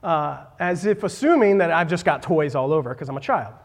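Halting preacher in a reverberant hall. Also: male voice, fairly high pitch, expressive. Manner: halting, many fillers and restarts, self-deprecating asides. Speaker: pastor. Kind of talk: sermon.

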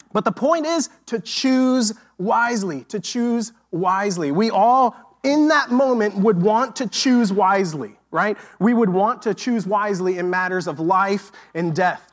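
A man with a high voice preaches to his church in a loose, chatty way. He leans on fillers and repeats his key lines for emphasis. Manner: casual, conversational preaching with frequent fillers. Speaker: pastor. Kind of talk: sermon.

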